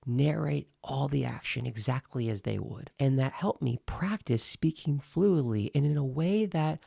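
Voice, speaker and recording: A man teaching speaking technique in an instructional video, deliberate and repeating key phrases for emphasis. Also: medium pitch, gravelly, dark tone, breathy edge, dry recording, studio quality. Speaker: speaking coach.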